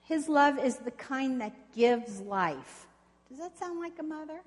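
Woman preaching slow and earnest, bit high voice, big echoey church hall. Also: animated. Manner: earnest storytelling with rhetorical questions. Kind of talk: sermon. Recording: long reverb of a hall.

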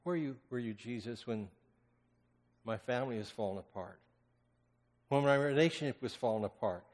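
A man preaching a sermon as pastor, swinging between loud impassioned cries and hushed, almost whispered lines. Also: on the low side, normal speed. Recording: long hall reverb.

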